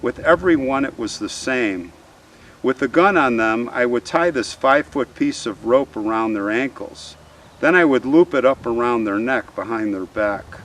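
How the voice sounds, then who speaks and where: A man quoting a smug male killer who confesses in a flat, matter-of-fact way, in his own slightly raised voice. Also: medium pitch, normal speed, far from the mic, close to an everyday voice. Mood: proud.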